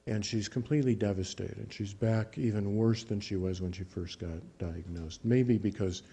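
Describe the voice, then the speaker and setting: A man working as a clinician who teaches relaxation imagery, telling a patient's story in a calm, measured way with frequent restarts. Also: lowish voice, creaky, breathy edge. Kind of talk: spoken teaching talk with a case story.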